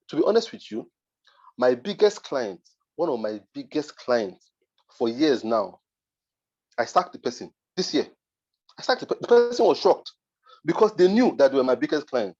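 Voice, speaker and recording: A man's voice: a little high, a little mellow, muffled recording. A Nigerian man, a design mentor, giving a motivational masterclass talk, emphatic and repeating his points for force.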